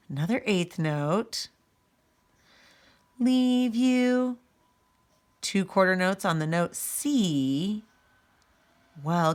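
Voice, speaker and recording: A woman music teacher giving a recorded lesson, patiently explaining step by step and speaking straight to her students. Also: fairly low pitch.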